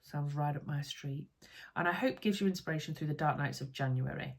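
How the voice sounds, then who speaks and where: A chatty woman with a Yorkshire accent talks to camera from her home sewing room. Her voice sits a little low for a woman, and her bubbly, easily excited manner carries through a relaxed unboxing chat. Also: fairly quick, husky. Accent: Yorkshire English. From Yorkshire, England. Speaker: sewing vlogger. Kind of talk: casual chat while unboxing.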